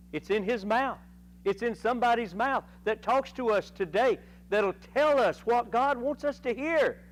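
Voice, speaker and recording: A man teaching a Sunday school Bible lesson in a folksy, animated way, acting out voices from the story. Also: high voice, a little hiss or hum, rough recording. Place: church classroom.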